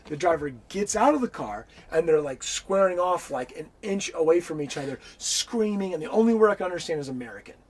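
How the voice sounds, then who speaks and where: A man telling a story in an interview, animated and swearing freely as he acts out the people in it. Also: on the high side, fairly quick, few pauses, husky. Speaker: interview guest. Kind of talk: casual storytelling.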